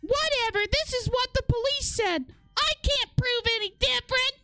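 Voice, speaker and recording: A man putting on a shrill flustered commenter woman. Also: normal speed, sharp tone, no room sound, clean studio sound, faint music behind, full character voice. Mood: indignant. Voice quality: mocking high falsetto.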